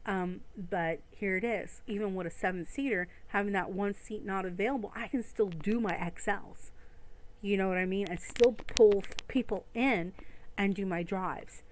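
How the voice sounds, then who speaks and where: A woman's voice: mid-range voice, moderate pace, darkish tone, a little hiss or hum. A woman streaming a fishing game, chatting casually and rambling to her viewers from home. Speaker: gaming streamer. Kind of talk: casual gameplay commentary. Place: home room.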